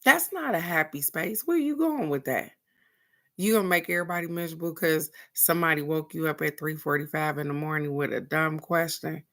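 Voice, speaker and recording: A woman hosting a daily card reading show, chatting casually with her viewers. She tells a lively story, acts out other people's voices and speaks bluntly, with the odd curse word. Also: deep voice, fairly quick. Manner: animated storytelling, acting out quoted voices, addressing viewers directly. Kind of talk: casual spiritual chat to viewers.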